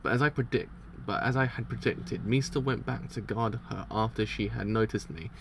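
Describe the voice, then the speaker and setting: A man reading aloud as a cold, commanding male mafia boss, speaking in calm, measured instructions. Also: on the low side, vocal fry, background noise. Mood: cold, instructing.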